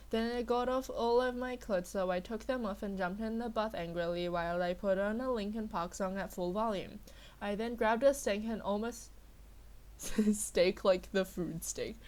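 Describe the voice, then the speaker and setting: A woman's voice: a little high, a little mellow. A young woman with a sore throat giving a mock-dramatic comedic reading, breaking off for exasperated, sarcastic asides. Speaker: dramatic reader of a fanfic.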